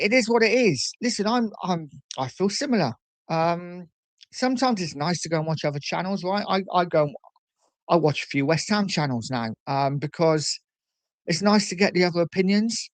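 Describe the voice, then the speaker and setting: Male streamer, slightly high voice, laid-back rambling delivery, dry close mic. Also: no echo. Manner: relaxed and chatty, lots of fillers and repeats. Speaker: livestream host. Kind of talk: casual live-stream chat reading comments.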